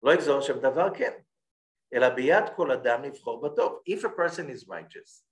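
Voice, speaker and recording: A rabbi leads a Torah class, rattling off Hebrew passages quickly before explaining them in English. His male voice is medium-pitched and expressive, and he keeps checking in with listeners by saying "okay?".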